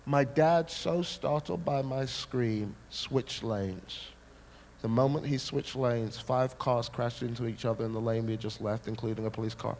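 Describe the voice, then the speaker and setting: A man preaching a sermon, telling a personal story with dramatic, animated delivery. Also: medium pitch, unhurried, a little hiss or hum.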